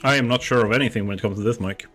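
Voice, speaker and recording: A man live-streams a game from a room at home, chatting casually and rambling as he tests and shifts his desk mic around while talking. His mid-range voice races along and is a bit bright, with soft background music.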